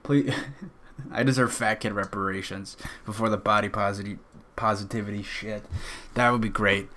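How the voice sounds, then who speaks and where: A man's voice: lowish voice, steady tone, moderate pace, pushed and bright, a little hiss or hum. A young man hosting a solo podcast, rambling casually, swearing often and cracking jokes at his own expense. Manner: rambling, profane, joking. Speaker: podcast host.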